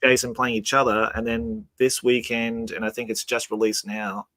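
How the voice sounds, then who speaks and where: A man's voice: mid-range voice, little pitch movement, moderate pace, sharp tone, dry recording. Chatty matey man, dry close sound. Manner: chatty, matey banter, laughs often. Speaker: host. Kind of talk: casual hobby chat.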